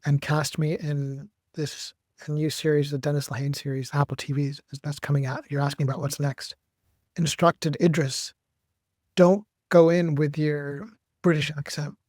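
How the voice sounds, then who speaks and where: A man, an actor and director, telling stories in a measured, reflective way as a podcast guest. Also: a little high, no echo, clean studio sound. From United States. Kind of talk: podcast interview.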